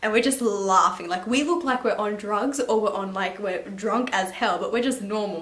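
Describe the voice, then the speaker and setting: A young woman in her late teens telling a story to camera in a chatty, animated way, laughing and swearing casually. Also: medium pitch, roomy sound. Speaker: vlogger. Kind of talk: story time chat.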